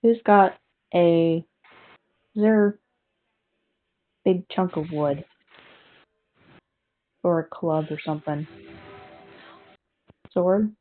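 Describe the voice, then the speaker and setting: A woman's voice: on the low side, drawn-out words, pauses often. A woman playing a tabletop game, talking hesitantly and restarting her sentences. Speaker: player. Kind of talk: casual tabletop play. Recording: tinny online call audio.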